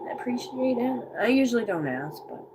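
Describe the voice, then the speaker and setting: A woman's voice: fairly high pitch, expressive, fairly quick, noisy background. A woman in her forties from the United States, chatting casually on a live stream, rambling through stories and answering viewers' comments. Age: 40s.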